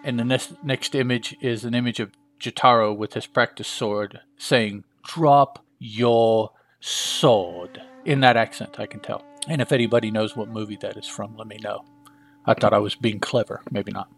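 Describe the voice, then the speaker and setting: A man's voice: fairly low pitch, steady tone, fairly quick, gravelly, a bit bright. A man casually narrating a comic book page by page, chatty and full of asides. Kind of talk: casual comic read-through.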